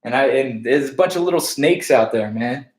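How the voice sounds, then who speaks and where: A man's voice: medium pitch, normal speed, echoey room. A man from the United States, a stand-up comedian, talking in a casual, profane, rambling way with lots of restarts. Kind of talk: casual backstage interview chat.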